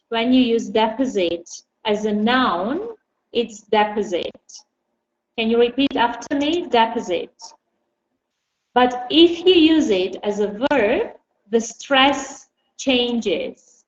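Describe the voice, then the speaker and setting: Woman, english teacher, slow deliberate pace, echoey dull recording, faint hiss. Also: a little high, lively intonation. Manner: patient, prompts students by name. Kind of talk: online language lesson. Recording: echoey, dull, lightly noisy.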